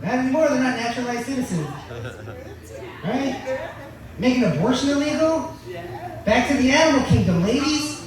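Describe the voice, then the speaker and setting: A man's voice: very high voice, moderate pace, pauses often, a crowd in the background. A man performing a crude, profane stand-up comedy set at an open mic. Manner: crude, profane and deadpan-boasting. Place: open mic venue, echoey room. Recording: very echoey room from far off.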